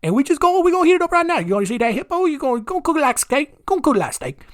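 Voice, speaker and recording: A man's voice: very high voice, very animated, racing, a bit bright, voice pushed up, exaggerated voice. A man voicing a boisterous Cajun man cooking up a swamp boil, in a folksy Cajun accent with dropped verbs.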